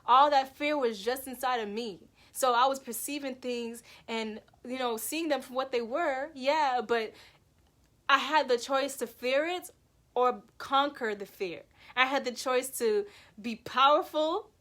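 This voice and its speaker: Animated woman telling a personal story. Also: high-pitched, unhurried. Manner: animated, emphatic, lots of "like" and "yo"; loose, rambling with restarts. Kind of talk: personal story told to camera.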